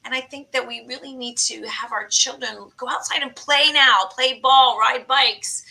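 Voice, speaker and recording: A woman in her late fifties hosts a relaxed podcast conversation with lively enthusiasm. Her voice sits a touch high and rings very bright. She talks in a breezy, upbeat way. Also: moderate pace, creaky, poor audio. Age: late 50s. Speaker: podcast host. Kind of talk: casual chat.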